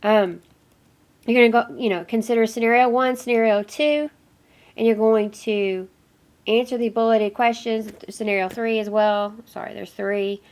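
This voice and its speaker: A woman teaching an online course in an informal recorded lecture. She has a cold, so her voice is nasal and hoarse at times, and she rambles with fillers and apologies. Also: on the high side, normal speed, a little mellow. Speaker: course instructor.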